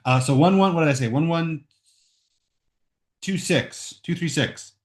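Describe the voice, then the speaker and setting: A man's voice: fairly high pitch, measured pace. A man teaching a recorded math lesson at home into a computer microphone. He works through the calculations aloud and keeps checking in with "right?".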